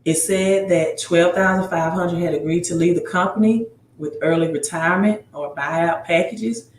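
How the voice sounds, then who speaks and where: A man's voice: high-pitched, moderate pace, slight background noise. A man hosting a casual livestream on credit advice. He greets viewers by city, reads their comments aloud and reads news items aloud, often adding "right?", and he sounds tired. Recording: roomy room with faint ambience.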